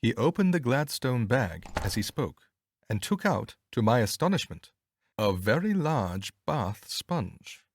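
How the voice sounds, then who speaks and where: A man narrating an audiobook in an expressive, measured storytelling manner on a close studio mic. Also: mid-range voice, a little hiss or hum.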